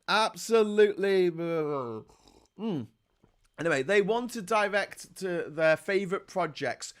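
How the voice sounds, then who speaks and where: A man's voice: sits high, a bit bright. A man hosting a political commentary show, ranting in an angry, sarcastic, blunt way.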